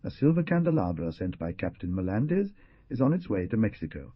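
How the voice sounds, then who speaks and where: A man's voice: fairly low pitch, big pitch swings, brisk, breathy edge, no echo, dull audio. A man voicing a stern, blunt older frontier hunter who questions in a terse, reproachful way.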